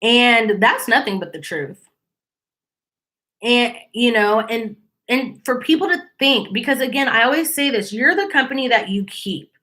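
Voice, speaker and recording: A young woman talks straight to her audience in a casual commentary, her voice high and bright. She is chatty and animated and slips into quick impressions of the people she quotes. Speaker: commentary channel host.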